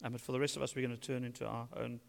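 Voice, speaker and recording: A pastor preaching a sermon in a church, emphatic with humorous asides. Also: male voice, medium pitch, level tone, racing, gravelly. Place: church hall. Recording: long church-hall reverb.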